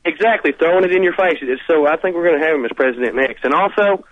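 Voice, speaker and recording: A man's voice: on the high side, animated, fast talker, no room sound. Angry male caller on a phone line. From Arkansas. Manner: agitated, angry, stumbling.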